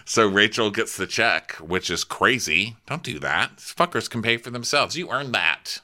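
A man co-hosting a podcast in casual, joking chat, gossiping excitably and laughing often. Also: on the low side, normal speed. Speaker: podcast co-host. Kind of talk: casual comedic chat recapping a reality show.

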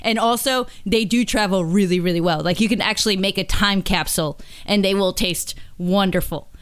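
Chill woman guest, smooth clear voice, matter-of-fact. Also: mid-range voice, normal speed. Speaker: podcast guest. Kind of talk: casual chat.

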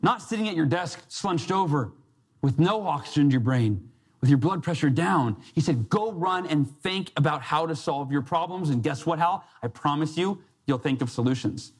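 A success coach and speaker tells a live audience a personal story in a motivational talk, acting out the voices he quotes. His voice sits a little high and is expressive and slightly rough, moving at a moderate pace.

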